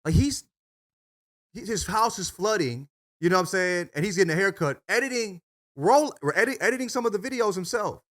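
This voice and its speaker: This podcast co-host has a high, expressive, slightly bright voice and speaks a little fast. He keeps the chat casual and lively, with lots of curse words and filler.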